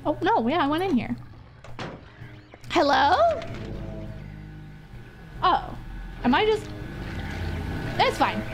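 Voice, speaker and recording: A high-voiced woman streams a game, chatting and cursing casually as she plays. Her pitch leaps around a lot, and music plays clearly underneath. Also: sing-song, takes it slowly, pauses often. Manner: chatty, talks to chat and to the game, swears freely. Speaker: streamer playing a horror game. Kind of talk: casual live gameplay commentary with swearing.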